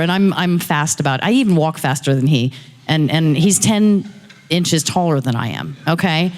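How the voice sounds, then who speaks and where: A woman in the audience animatedly telling a personal story, quick and lively, jumping high when she quotes herself. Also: in a large hall. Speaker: audience member sharing a story.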